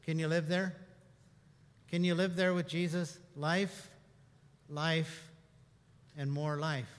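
A man's voice: fairly high pitch, takes it slowly. Man preaching in an echoey hall. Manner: storytelling, swings between hushed and animated. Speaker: pastor. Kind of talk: sermon.

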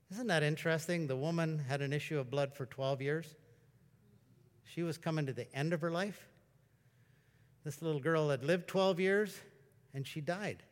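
Male preacher, slightly high voice, conversational sermon delivery, long hall echo. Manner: conversational storytelling preacher, bursts into excited exclamations. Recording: long reverb of a large hall.

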